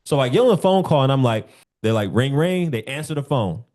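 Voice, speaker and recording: A young man coaching insurance agents on a call, animated, acting out sample phone calls. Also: mid-range voice, fast. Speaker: sales coach.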